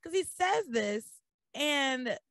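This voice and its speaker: Woman, podcast host, casual recap chat, blunt, animated, slightly high voice, dry close mic. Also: very slow, no room sound. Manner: animated, blunt, swears and laughs.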